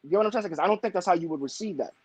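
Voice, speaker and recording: A man's voice: high-pitched, racing, breathy edge, no echo. A man arguing brashly and insistently as a guest on a live talk show, often cutting in. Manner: brash, insistent, talks over others. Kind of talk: casual debate on a live show.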